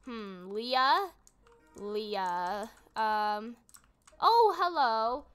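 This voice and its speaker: A woman's voice: fairly high pitch, animated, very slow, fairly bright tone, clear, resonant tone. A young woman casually commenting on her gameplay, chatty and giggly, thinking aloud as she goes. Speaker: gaming channel host.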